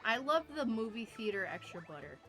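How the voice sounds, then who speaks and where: Bright-voiced congested woman streamer. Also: a little high, sing-song, fairly quick, soft background music. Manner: profane, joking. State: congested, losing her voice. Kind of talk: casual gaming stream chat.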